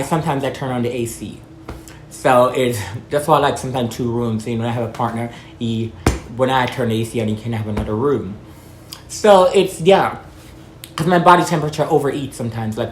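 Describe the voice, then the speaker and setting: A woman's voice: a bass voice, roomy sound, a little hiss or hum. A woman from Jamaica with a Jamaican accent, talking frankly and rambling to her viewers in a casual vlog. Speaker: vlogger. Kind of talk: casual talk to camera.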